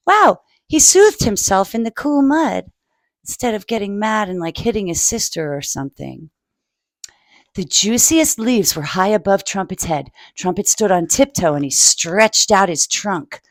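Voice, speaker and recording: A woman's voice: medium pitch, expressive, dry recording. A woman reading a picture book aloud to children and adding her own asides. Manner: slow, adds asides for children.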